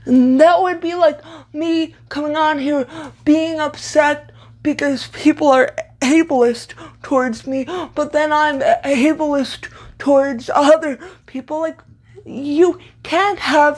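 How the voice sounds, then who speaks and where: A young woman with a high voice speaks slowly in blunt, sarcastic commentary. She often halts and repeats the first sounds of words. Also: steady tone. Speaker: vlogger. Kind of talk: opinionated commentary.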